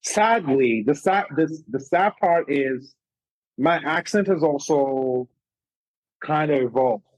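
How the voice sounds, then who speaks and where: A man's voice: a little high, takes it slowly, no room sound. Zimbabwean man with a mixed accent. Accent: mixed Zimbabwean and American. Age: young adult. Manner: animated storyteller, stacks repeated starts. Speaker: guest chef. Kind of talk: casual interview chat. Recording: dull, dry lo-fi sound.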